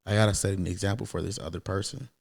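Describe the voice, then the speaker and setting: A man in his thirties, a podcast guest, telling a personal story in a casual, animated way. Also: low voice, fast talker, vocal fry, slightly rough. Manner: animated, acts out quoted voices, many fillers.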